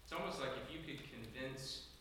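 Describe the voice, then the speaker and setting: A man's voice: medium pitch, normal speed, pushed and bright. A man in a Bible class thoughtfully explaining a passage of scripture. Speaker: class member. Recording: distant, very echoey hall with noise.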